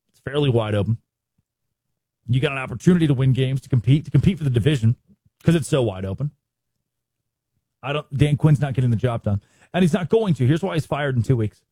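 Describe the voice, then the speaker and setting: A man's voice: mid-range voice, dark tone, husky, dry recording. A man hosting a sports show, giving emphatic, sarcastic commentary and acting out quotes.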